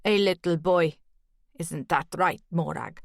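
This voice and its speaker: A woman's voice: on the low side, takes it slowly, gravelly, no room sound, clean studio sound, heavily acted. A woman voicing a cold, gaunt, silver-haired ex-soldier who speaks in a menacing way. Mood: cold menace.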